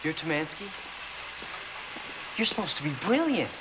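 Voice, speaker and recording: A man's voice: fairly high pitch, very animated, normal speed, background noise. A young actor playing a bashful male college debater who stammers and talks himself down. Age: young adult. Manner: stammering, self-deprecating.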